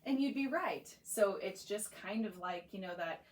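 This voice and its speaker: In a clinic room, a young female voice clinician runs a voice therapy session, taking her client through the exercises step by step with patience and encouragement. She speaks at normal speed in a mid-range voice with lively intonation. The audio is rough and echoey.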